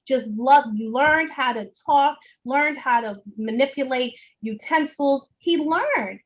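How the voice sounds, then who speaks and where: A woman's voice: high-pitched, highs cut off. A woman from the Bronx with a New York accent, telling her personal story with earnest repetition as an interview guest. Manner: earnest, repeats phrases for emphasis. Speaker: guest, notary signing agent. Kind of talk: emotional personal testimony.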